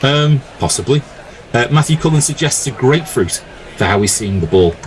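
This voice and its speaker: A man's voice: medium pitch, expressive, normal speed, slight background noise, low-quality recording. A man co-hosting a cricket commentary, reading out listener messages with joking, rambling asides. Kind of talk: casual chat on commentary.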